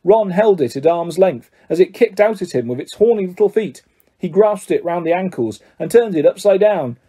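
A man's voice: sits high, moderate pace, breathy edge. Man reading a storybook aloud. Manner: expressive, animated reading. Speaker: audiobook narrator. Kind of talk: scripted narration.

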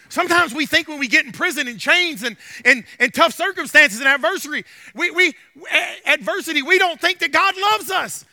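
A male pastor preaching a fervent sermon, repeating lines and rising to shouts. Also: very high-pitched, lively intonation, fairly quick, dry recording. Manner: fervent, repetitive, builds to shouting.

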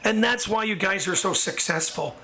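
A man hosting a casual interview show, chatty and quick to compliment his guest. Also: high voice, bright, forceful tone. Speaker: podcast host, dog trainer.

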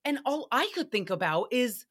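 A woman's voice: on the high side, moderate pace. A young woman hosting a podcast, recapping an episode in a profane, sarcastic comic monologue. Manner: profane, sarcastic, animated storytelling. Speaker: podcast host. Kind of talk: casual comedic recap monologue.

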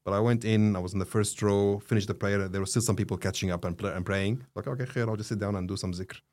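A man from Egypt telling his story as an interview guest, animated and rising in pitch and volume for emphasis. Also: quick pace.

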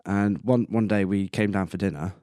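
A man's voice: deep voice, fairly even intonation, normal speed, mellow, no echo, clean studio sound. A man hosting a casual solo podcast, rambling and chatty, swearing casually and laughing at himself. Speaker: podcast host.

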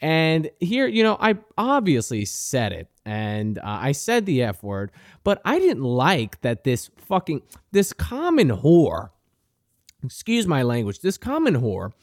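A man's voice: mid-range voice, huge pitch swings, unhurried, no echo, studio quality. A young man hosting a podcast, telling a profane comic story, crude and indignant. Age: young adult. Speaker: podcast host. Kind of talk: comedic storytelling monologue.

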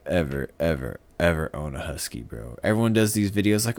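Podcast guest: a very low-voiced man, profane and rambling, with a dry close sound. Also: brisk, hardly any pauses, no room sound. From United States. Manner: profane, rambling, animated storytelling. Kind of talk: casual chat.

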